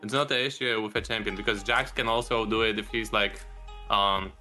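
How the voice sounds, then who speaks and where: A man talking as a podcast guest, relaxed and rambling with frequent restarts. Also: lowish voice, fairly quick, soft background music. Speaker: guest, video creator. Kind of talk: casual podcast chat.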